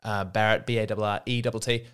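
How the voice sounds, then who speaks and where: A man hosting his own comedy podcast, rambling and self-deprecating, jumping his pitch up for emphasis. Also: flat delivery, a little fast, a bit bright, clean tone. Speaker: podcast host. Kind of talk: solo comedic monologue.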